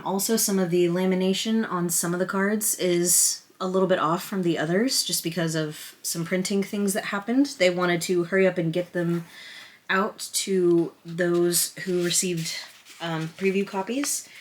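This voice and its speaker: A woman unboxing a tarot deck on camera at her table, excited, flustered and emotional, rambling with restarts. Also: fairly low pitch, a little hiss or hum. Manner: emotional, close to tears. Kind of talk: casual chatty unboxing. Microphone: camera on a stand at a table.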